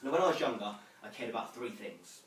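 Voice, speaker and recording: A young man telling self-mocking comic stories to a small audience in a living room, animated and lively. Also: mid-range voice, fast talker, recorded from a distance. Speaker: storyteller. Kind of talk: comic storytelling to a home audience. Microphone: far camera. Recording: roomy room from afar, faint noise.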